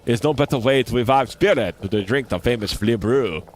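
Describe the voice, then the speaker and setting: A man voicing a gruff, doting male bug brewer in a game, speaking clipped, broken English with a mock French accent. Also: medium pitch, a little fast, slight background noise, close to an everyday voice. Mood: hospitable.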